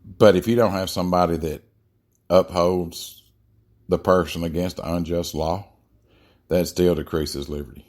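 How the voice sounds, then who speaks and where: A man's voice: deep voice, fairly even intonation, measured pace, long pauses, a little mellow. A man hosting a podcast, giving a blunt, emphatic political monologue with frequent fillers and restarts. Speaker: podcast host.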